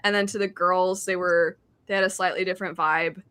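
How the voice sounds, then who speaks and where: A woman's voice: on the low side, steady tone, brisk, sharp tone, dry recording. A woman hosting a reading stream in casual chat, reading out chat messages and laughing often. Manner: chatty, reads chat aloud, laughs often.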